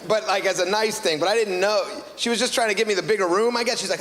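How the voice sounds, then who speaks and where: High-voiced wry man doing stand-up. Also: fast, a bit bright. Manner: wry, exasperated storytelling. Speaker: stand-up comedian. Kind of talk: stand-up comedy routine. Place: stage in a club or hall. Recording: reverberant hall, noisy ambience.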